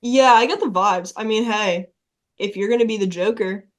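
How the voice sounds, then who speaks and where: A woman's voice: mid-range voice, normal speed. A woman musician guesting on a podcast, blunt and swearing freely, laughing through her stories. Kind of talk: casual chat.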